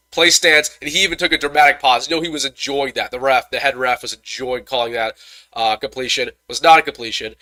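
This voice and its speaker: A man's voice: on the high side, bright, forceful tone, no room sound. A young man hosting a live postgame football reaction stream, talking in a frustrated, ranting way with stammered restarts. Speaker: sports commentator host.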